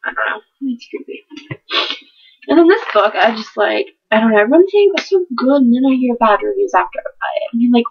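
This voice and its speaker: A woman's voice: a little high, very animated, a little fast, creaky, slightly rough. A teenage girl rambling about her books in a hyper, giggly way, vlogging at home. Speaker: book vlogger. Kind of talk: casual chat to camera. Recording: dull lo-fi webcam audio.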